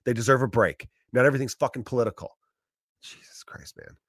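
A man's voice: mid-range voice, fairly quick, a bit bright, no echo, clean studio sound. A man in his thirties with a profane, rambling style in a casual comedic monologue.

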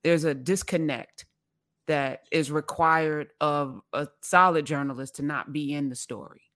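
Interview host, reflective, thankful, middle pitch. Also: steady tone, unhurried, fairly bright tone.

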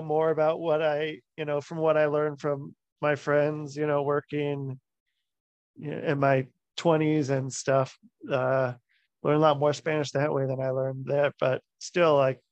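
Slow, halting man on a dry lo-fi line. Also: on the high side, level tone, darkish tone, dry recording. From United States. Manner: halting, searching for words, many fillers. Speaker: podcast host. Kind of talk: casual interview conversation. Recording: dry, dull lo-fi audio.

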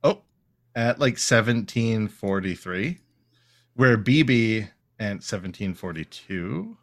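This podcast co-host has a lowish voice and takes his time as he casually goes over a cartoon episode. He keeps things lively and comic, slipping into silly voices to act out the lines.

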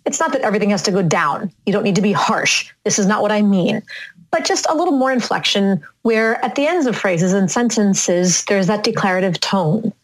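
A woman speaking coach in a conversational interview, explaining vocal tone slowly and deliberately and sometimes demonstrating inflections. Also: medium pitch, expressive, low-quality recording.

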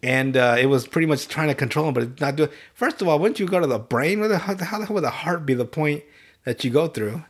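Animated, profane man recapping a cartoon. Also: on the high side, slightly rough. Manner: profane, animated retelling with quick voiced asides. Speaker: podcast host. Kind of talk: casual chat, recapping an anime.

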